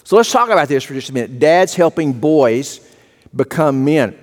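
A man's voice: on the high side, lively intonation, normal speed, long reverb tail. A man preaching a sermon as pastor, telling folksy stories and often repeating a word as he goes. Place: church.

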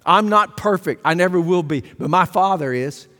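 A man preaching a sermon as pastor, emphatic and rising to loud exclamations. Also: sits high, normal speed. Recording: long reverb of a large hall.

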